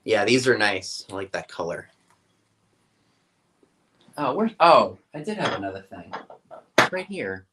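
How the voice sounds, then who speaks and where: A man's voice: lowish voice, unhurried, pauses often. A man co-hosting an antiques show, casually showing items one by one. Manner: relaxed, lively, shows items one by one.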